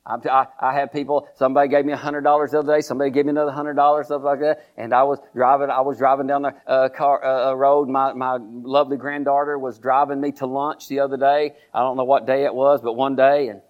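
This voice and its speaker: A man's voice: mid-range voice, flat delivery, fast, few pauses. Older man, pastor preaching, repeats lines for the crowd, dull lo-fi recording. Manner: repetitive call-and-response preaching with many restarts. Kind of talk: sermon.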